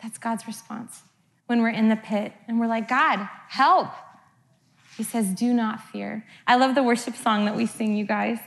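A woman's voice: fairly high pitch, little pitch movement, normal speed, creaky, darkish tone. A middle-aged woman giving a conversational sermon, often checking in with the congregation with "right?" and playfully acting out her children's voices. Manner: chatty, keeps asking "right?" of the crowd. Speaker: church speaker.

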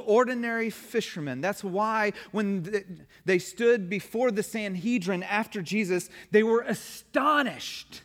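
In a church sanctuary, a pastor preaches with emphatic delivery that swells and eases in force. His voice is a little high and fairly bright, and the church hall gives the recording a long reverb.

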